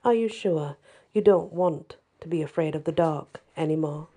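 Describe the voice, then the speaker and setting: A vengeful female fairy speaks softly and coolly, voiced by a woman storyteller. Her tone is mellow and dark, with a husky, breathy edge. The menace stays quiet and controlled. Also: low voice, normal speed.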